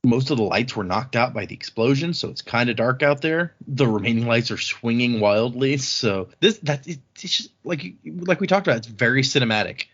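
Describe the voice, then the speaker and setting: A man's voice: mid-range voice, fairly quick, hardly any pauses, lo-fi sound. Rambling man retelling a book scene. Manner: rambling, animated retelling with filler words. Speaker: podcast host. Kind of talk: casual book discussion.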